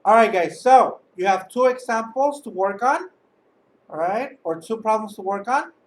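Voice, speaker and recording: A high school math teacher recording a video lesson, walking through each step patiently and often checking in with "okay?". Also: lively intonation, normal speed. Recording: distant mic with faint background noise.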